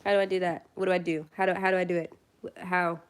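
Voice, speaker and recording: A woman's voice: fairly low pitch, flat delivery, fast talker, smooth. A young woman chatting casually on her first phone livestream, tired late at night, rambling and self-deprecating.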